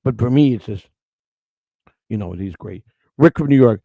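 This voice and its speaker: A man's voice: medium pitch, animated, normal speed, mellow, no echo, low-quality recording. A man hosting a live-stream morning show, rambling in unscripted chat, blunt and crude, restarting his words again and again.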